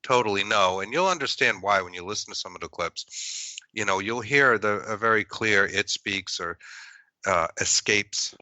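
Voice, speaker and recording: A man's voice: fairly low pitch, moderate pace, sharp tone, no room sound. A man from Massachusetts hosting a paranormal podcast in casual chat, rambling with lots of fillers. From Massachusetts, USA. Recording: dull, lo-fi, dry.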